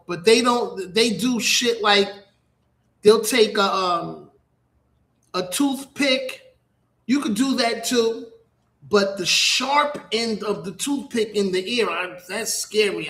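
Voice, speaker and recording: A man's voice: high voice, fairly bright tone. A middle-aged man hosting a radio talk show, rambling in a profane, repetitive way. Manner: rambling, profane, repeats himself. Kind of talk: casual rambling monologue. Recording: echoey room.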